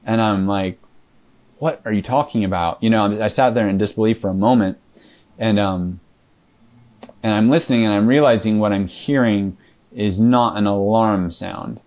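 Male interview guest, low voice, halting storyteller, full of fillers and restarts, acts out dialogue. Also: a little mellow.

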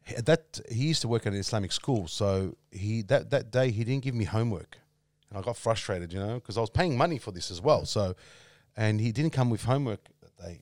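A man's voice: on the low side, lively intonation, brisk, hardly any pauses, a little mellow, dry recording, clean studio sound. A man telling a personal story in casual conversation, rambling with frequent fillers and restarts.

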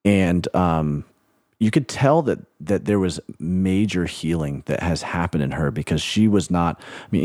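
Low-voiced earnest pastor host. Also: male voice, no room sound, clean studio sound. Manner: earnest, reflective, lively and emphatic. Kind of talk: casual faith interview chat.

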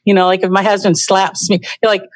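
A woman talking as a podcast guest in a lively, animated way, laughing often. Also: medium pitch, fast talker, dry recording. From United States. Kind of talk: casual conversation.

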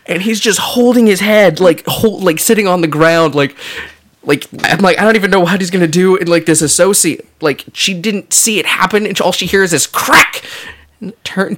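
Laughing dad telling stories. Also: male voice, on the high side, fairly bright tone. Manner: laughing storyteller, acts out quotes. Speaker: podcast co-host. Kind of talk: casual chat.

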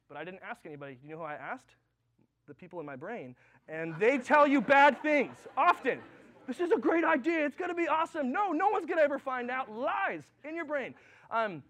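Fast, high-voiced young man preaching. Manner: animated storytelling with many fillers. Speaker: youth pastor. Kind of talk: sermon with personal stories.

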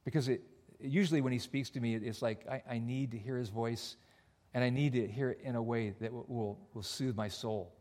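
A male pastor preaching a sermon, earnest and personal, dropping almost to a whisper on soft points. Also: mid-range voice, fairly even intonation, fairly quick. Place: church.

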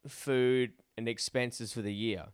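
A man's voice: medium pitch, steady tone, slow pace, smooth, no echo, clean studio sound. A man co-hosting a podcast in casual chat, swearing freely and rambling through restarts. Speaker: podcast co-host.

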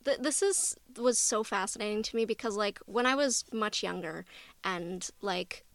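A woman's voice: medium pitch, moderate pace, creaky, slight background noise. A woman co-hosting a podcast, talking casually and earnestly about a TV show, reflective and enthusiastic. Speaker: podcast co-host. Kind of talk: casual chat recapping a TV episode.

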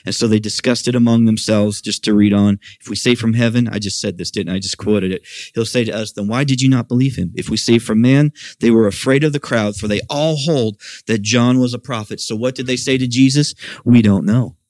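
Man preaching an animated sermon, dry sound. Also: a little fast, no room sound. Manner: animated preaching, voicing quoted questions in a raised pitch. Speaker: pastor. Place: church service.

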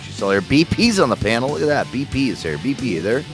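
A man's voice: medium pitch, big pitch swings, fast, over music. A man hosting a podcast, chatting casually in a rambling way, swearing and repeating himself. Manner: rambling, profane, repeats words. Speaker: podcast host. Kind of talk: casual chat.

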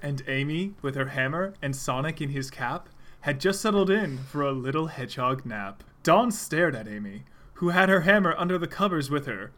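Guy reading a story, kinda high bright voice, steady. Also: normal speed. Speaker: reader. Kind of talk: reading a fan story aloud.

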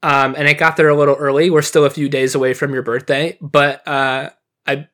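A man co-hosting a podcast, chatting in a relaxed, casual way with some swearing. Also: mid-range voice, fairly quick. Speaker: podcast co-host. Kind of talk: casual chat.

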